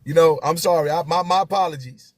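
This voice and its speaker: A man's voice: a little high, brisk, dry recording. A man, hosting a live stream and talking to viewers with passion, repeating his key phrases for emphasis.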